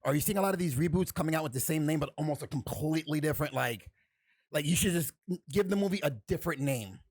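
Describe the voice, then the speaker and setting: Fast-talking man on a podcast. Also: on the high side, animated, a little mellow. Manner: quick, laughs often, chimes in. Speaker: podcast co-host. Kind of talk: casual podcast chat.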